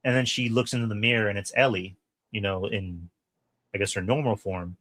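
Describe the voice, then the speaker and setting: A quick-paced man with a medium-pitched voice co-hosts a podcast, casually reviewing a horror film. He's animated, swears a great deal, and acts out lines from the movie.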